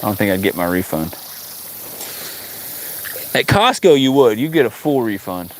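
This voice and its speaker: A man's voice: fairly low pitch, big pitch swings, moderate pace, a little hiss or hum. Guy fishing outside on a livestream, jokey and exasperated, talking to chat, crickets in the background. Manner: joking, talks to viewers, exasperated at the fish. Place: outdoors by the water.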